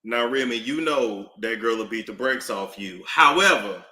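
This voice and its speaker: A man with a New York accent giving casual gossip commentary, animated and drawn out, often repeating himself. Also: mid-range voice, moderate pace. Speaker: commentary streamer. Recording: echoey room.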